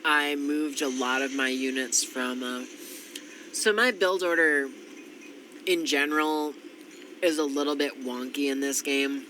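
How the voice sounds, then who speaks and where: A man's voice: medium pitch, steady tone, a little slow, bright, forceful tone, slight background noise, poor audio. A congested, tired man giving casual gameplay commentary, thinking aloud with frequent ums. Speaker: strategy game commentator.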